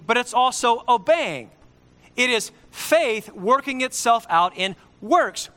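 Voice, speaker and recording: Man, sermon, high voice, bright tone, emphatic, slow repeated key lines. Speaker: preacher.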